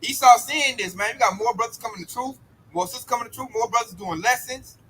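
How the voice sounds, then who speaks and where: A man in a casual religious discussion, talking in an animated, slangy way and slipping into quoted voices. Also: very high voice, fast, slight background noise, poor audio. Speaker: discussion participant.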